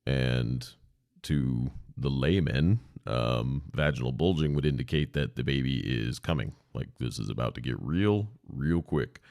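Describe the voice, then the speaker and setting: A former emergency dispatcher hosts a podcast, telling casual stories about past emergency calls in a blunt, laid-back way with some swearing. His very deep, dark-toned voice carries vocal fry and moves a little slowly. Recorded on a podcast microphone, it's studio quality with no echo.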